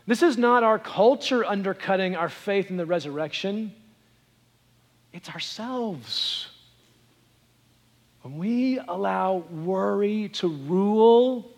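High-voiced preacher in a reverberant church. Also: male voice. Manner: emphatic preaching that swells loud and drops soft. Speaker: pastor. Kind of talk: sermon.

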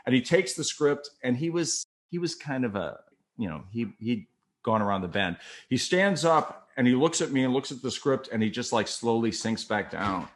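Older guy telling newsroom stories, average pitch, animated, does everybody's voices. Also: normal speed. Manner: animated, acts out the other people in his stories. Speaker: interview guest, former TV news photographer and reporter. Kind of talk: casual anecdotal storytelling.

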